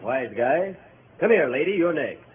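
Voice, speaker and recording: A blustering outlaw boss. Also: male voice, fairly high pitch, big pitch swings, measured pace, phone-quality sound. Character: Jesse James, a vain, bumbling male outlaw leader. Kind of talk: 1930s radio comedy acting. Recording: scratchy noisy 1930s radio broadcast.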